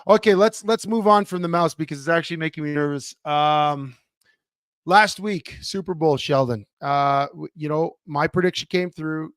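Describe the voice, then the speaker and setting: A middle-aged man co-hosting a podcast, telling a long story in a rambling, animated way with many restarts. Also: fairly high pitch, normal speed, no echo, studio quality. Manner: animated, rambling, self-interrupting. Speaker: podcast co-host. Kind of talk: casual storytelling chat.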